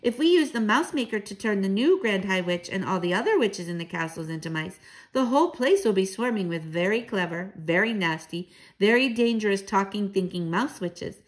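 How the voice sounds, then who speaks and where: A woman reading aloud, voicing an eager young boy who has become a talking mouse, with excited exclamations. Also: medium pitch, moderate pace, lightly acted.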